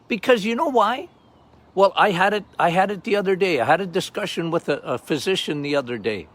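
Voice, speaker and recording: An older man hosting a health podcast as a doctor, talking loudly and passionately in a casual monologue. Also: high voice, expressive, fairly quick, no room sound. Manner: loud, passionate, emphatic.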